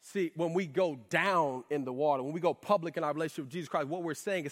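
A man preaching a sermon in a lively, conversational way with casual slang asides. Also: a little high, quick pace, hardly any pauses. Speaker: pastor. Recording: reverberant hall.

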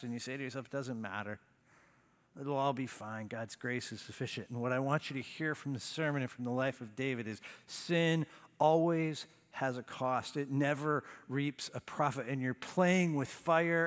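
A man preaching a sermon as a pastor, emphatic, with dramatic pauses and sudden drops to a low, quiet voice. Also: long reverb tail.

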